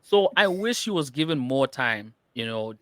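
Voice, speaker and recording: A man's voice: medium pitch, big pitch swings, normal speed, dry recording. A man co-hosting a football podcast in casual chat, rambling with lots of "you know" and restarts. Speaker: podcast co-host.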